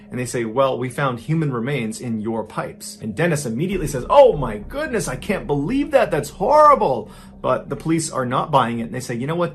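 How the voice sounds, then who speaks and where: Grave male true crime narrator. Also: mid-range voice. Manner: measured, grave storytelling with quoted dialogue. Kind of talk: scripted true crime storytelling.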